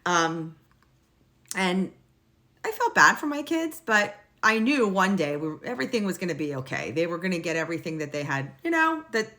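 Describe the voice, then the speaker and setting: Woman, middle-aged, blunt casual storyteller, swings up and down in pitch, lively delivery. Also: normal speed. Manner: animated, blunt, swears casually.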